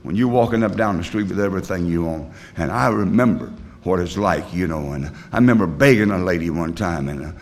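A man's voice: deep voice, lively intonation, fairly quick, hardly any pauses. An older man telling his personal recovery story to a group in a rambling, blunt way, full of fillers and restarts. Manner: plain, blunt working-class talk. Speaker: recovery meeting speaker.

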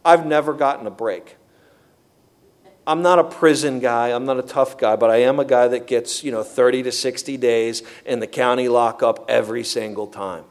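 A man telling his recovery story to a meeting in an earnest, animated way. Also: medium pitch, moderate pace. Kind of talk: personal recovery testimony.

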